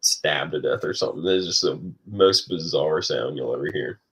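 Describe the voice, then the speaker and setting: A man's voice: a bass voice, moderate pace, fairly bright tone, breathy edge, poor audio. A man co-hosting a podcast, chatting casually with dry joking asides. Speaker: podcast co-host. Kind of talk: casual chat.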